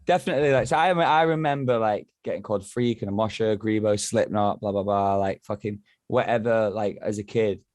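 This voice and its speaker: A man's voice: lowish voice, fairly quick, hardly any pauses, darkish tone, no room sound. A man from England talking as a podcast guest, rambling and swearing freely while he tells stories. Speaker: podcast guest, band member. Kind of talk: casual chat.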